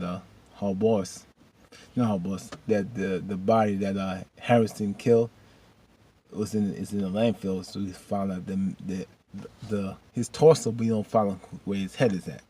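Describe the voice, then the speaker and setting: A man with a low, husky voice talks through a TV episode recap in a loose, rambling way. He jumps between scenes and leans on slang as he retells them. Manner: rambling, animated, loose slang, laughs often. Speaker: video host recapping a TV episode.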